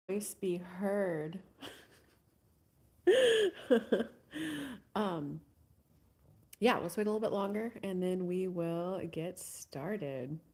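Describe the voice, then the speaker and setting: A woman hosts a live spiritual coaching stream. She talks in a soft, casual voice with a husky edge and a mellow, darker tone, at times sinking to a whisper. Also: medium pitch. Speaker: host.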